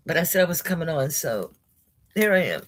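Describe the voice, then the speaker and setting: A drowsy, yawning woman selling jewelry on a live stream at home, chatting casually and greeting viewers by name. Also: low voice. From United States. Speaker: jewelry livestream seller. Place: home, indoors.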